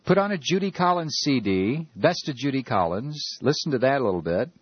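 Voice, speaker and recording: A man's voice: mid-range voice, very animated, fairly quick, slightly rough, no echo, highs cut off. A man hosting a talk radio show, ranting sarcastically and rambling with many fillers. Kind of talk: opinionated talk radio monologue.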